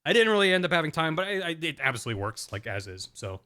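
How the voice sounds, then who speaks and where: Lively, bright-voiced male streamer. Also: a little high, rapid-fire. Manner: rambling, self-deprecating, with fillers. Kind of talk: casual stream commentary. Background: faint music.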